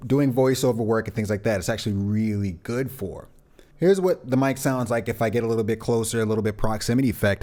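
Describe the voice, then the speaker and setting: A man hosting a relaxed, enthusiastic gear review from his home recording studio, talking into a large studio condenser mic on his desk. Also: mid-range voice, a little fast. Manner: relaxed, enthusiastic, repeats phrases. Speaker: host.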